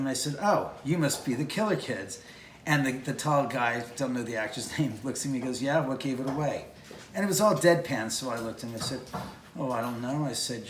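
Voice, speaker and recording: A man's voice: medium pitch, a little hiss or hum. A man who owns a house and produces films tells an anecdote on location outdoors. He tells it with energy and acts out the voices of the people in his story. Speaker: homeowner and film producer. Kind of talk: casual anecdote told on location. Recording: echoey, distant, with faint outdoor ambience.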